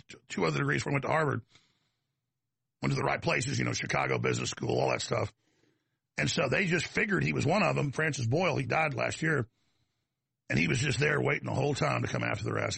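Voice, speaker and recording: A man's voice: medium pitch, creaky, fairly bright tone, husky, dry recording. A man with a Texas accent delivering a combative, emphatic talk-show monologue to his audience.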